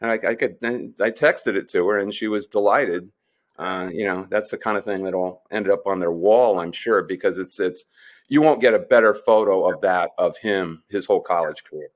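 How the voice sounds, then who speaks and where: A man's voice: deep voice, normal speed, highs cut off. A man co-hosting a sports podcast in casual chat, telling stories in a rambling way with frequent restarts. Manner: rambling storyteller with many restarts.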